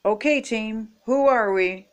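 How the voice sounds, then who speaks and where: A woman voicing a brisk, loud female T-ball coach in a picture book, calling out to her team. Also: on the high side, highs cut off. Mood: cheery. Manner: calls out cheerfully to the team.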